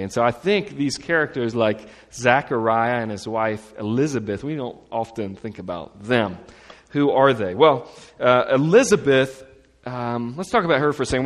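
A man preaching a sermon as pastor, talking in a casual, lively way with asides and humor. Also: medium pitch, long reverb tail.

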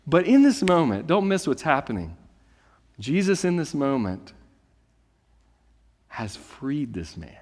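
A man preaching a sermon, reading scripture and then explaining it in a lively, conversational storytelling way. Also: a little high, a little slow, long pauses, big-room sound. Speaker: pastor.

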